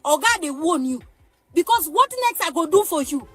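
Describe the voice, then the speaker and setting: A woman's voice: high-pitched, expressive, moderate pace, faint music behind. A woman with a Nigerian accent, a mother ranting emotionally to camera in an agitated, threatening and pleading way. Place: parked car.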